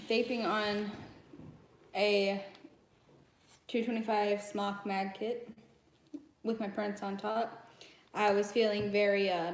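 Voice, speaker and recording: A woman co-hosting a casual live stream from home, chatting offhandedly. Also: mid-range voice. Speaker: co-host. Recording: echoey room.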